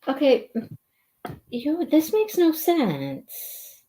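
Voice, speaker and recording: A woman hosting a live crochet-along in casual chat, animated and talking to her dog as she works. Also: high-pitched, drawn-out words, a little hiss or hum, poor audio.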